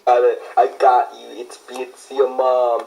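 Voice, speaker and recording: A man's voice: medium pitch, monotone, takes it slowly, gravelly, a little mellow. A teenage boy in a casual reaction video, joking and teasing with repeated gags.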